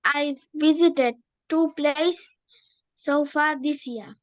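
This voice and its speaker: A woman's voice: high-pitched, slow, lo-fi sound. A woman studying English, answering drill questions in careful full sentences. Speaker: English student.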